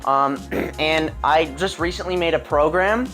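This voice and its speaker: Casual young man, slightly high voice. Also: measured pace, fairly bright tone, faint music behind. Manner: rambling, many ums and throat clears. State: a little out of breath. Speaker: calisthenics coach. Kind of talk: casual fitness tutorial. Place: home with a pull-up bar.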